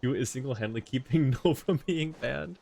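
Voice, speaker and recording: A man's voice: medium pitch, brisk, vocal fry, warm tone. A man streaming a video game live, giving chatty, rambling commentary and laughing often.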